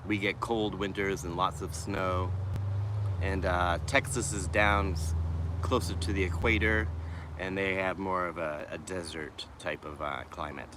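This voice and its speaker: A man from Boston talks in a low-pitched voice with fairly even intonation, and background noise is audible. He's on a casual livestream in a shady wooded city park, slowly musing over viewer comments with trailing restarts, his accent faint.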